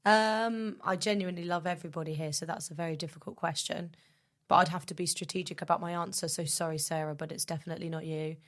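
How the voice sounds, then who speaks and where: A woman's voice: on the low side, steady tone, quick pace, a bit bright. A woman being interviewed on a podcast, chatting in a bubbly way and laughing often. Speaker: podcast guest. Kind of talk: casual interview chat.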